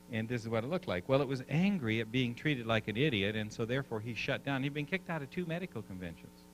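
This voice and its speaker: A man leading a live seminar, an animated storyteller who coaxes the audience with questions. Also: medium pitch, slight background noise, rough recording. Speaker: seminar speaker.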